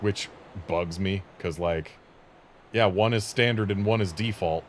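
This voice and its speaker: A man's voice: low-pitched, measured pace, slight background noise. An American man chatting casually while streaming a video game, rambling off on tangents. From United States. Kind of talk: casual gameplay commentary.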